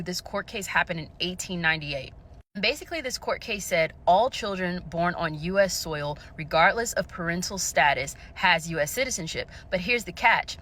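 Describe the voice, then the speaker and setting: A woman's voice: on the low side, bright, forceful tone. A woman giving assertive political commentary, emphatic and lecturing in tone. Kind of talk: opinion commentary to camera.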